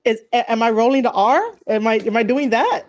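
A woman's voice: a little high, a little fast, darkish tone. Chatty woman interviewer, lots of fillers. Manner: rambling, filler-heavy, laughing easily. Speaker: interviewer, podcast host. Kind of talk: casual interview talk.

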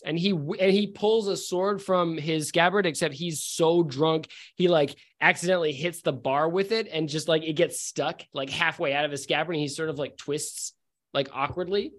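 A man's voice: fairly high pitch, moderate pace. A man narrating as game master in a casual, joking way.

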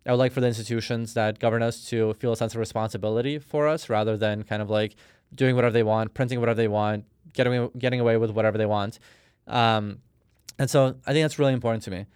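Man, thirties, podcast guest, smooth clear voice, dry close sound, rambling casual storytelling. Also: mid-range voice, steady tone, fast, a little mellow, no room sound. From Russia. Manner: rambling storyteller, many fillers. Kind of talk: casual interview talk.

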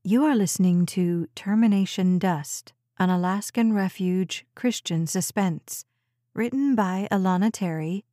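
A woman narrating an audiobook in a measured, even storytelling voice. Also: medium pitch, no echo, studio quality. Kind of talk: scripted narration.

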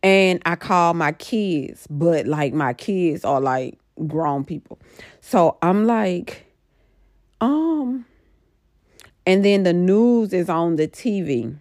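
Slow, low-voiced middle-aged woman rambling. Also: animated, a little mellow, dry recording, clean studio sound. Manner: rambling, emphatic, lots of fillers. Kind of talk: casual storytelling about a dream.

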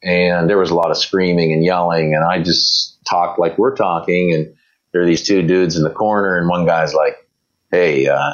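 A man's voice: deep voice, fairly even intonation, normal speed, muffled recording. A man being interviewed, telling long anecdotes in a casual, rambling way, with many fillers and restarts and quoted voices of other people. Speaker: guest.

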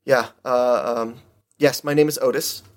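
A man's voice: medium pitch, steady tone, measured pace, lightly acted. Eager earnest young man who loves running, played by a man in a tabletop game. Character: eager young male runner, simple and earnest.

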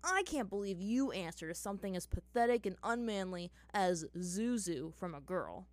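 A woman's voice: mid-range voice, lively intonation, normal speed, dry recording, lightly acted. A woman voicing a sarcastic, mocking teenage boy held captive.

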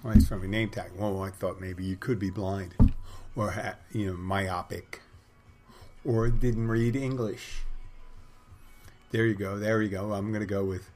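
A man's voice: on the low side, fairly even intonation, unhurried, music in the background. A middle-aged man hosting a podcast, telling wry, crude, rambling stories in a casual monologue. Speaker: podcast host.

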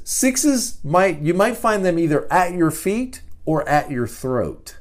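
A middle-aged man hosting a podcast, giving a casual talk as a teacher, animated and often repeating words. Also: a little high, normal speed, hardly any pauses. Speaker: podcast host.

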